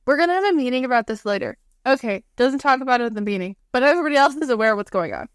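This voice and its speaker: A young woman co-hosting a podcast, with a somewhat high voice and a chatty, filler-heavy way of talking as she acts out her own replies. The sound is close and dry. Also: expressive, rapid-fire, clean tone, no room sound. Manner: chatty, full of "like", quoting her own retorts. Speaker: podcast co-host. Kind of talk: casual chat.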